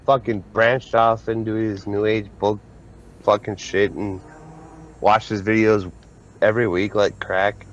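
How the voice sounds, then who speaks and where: A man's voice: lowish voice, flat delivery, unhurried, highs cut off, slight background noise. A young man in a casual group chat, blunt and profane, using slang. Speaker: podcast panelist.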